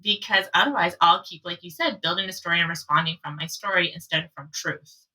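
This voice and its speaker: A woman's voice: fairly low pitch, brisk, bright, forceful tone, recorded from a distance, rough recording. A woman, a love coach guest in a casual podcast conversation, who laughs often and acts out her inner thoughts.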